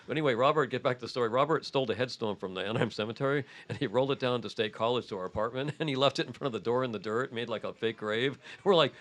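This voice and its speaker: Lively laughing older man telling stories. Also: mid-range voice, rapid-fire, few pauses. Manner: laughing often, animated, profane. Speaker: podcast guest, punk musician. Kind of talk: casual storytelling. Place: podcast studio.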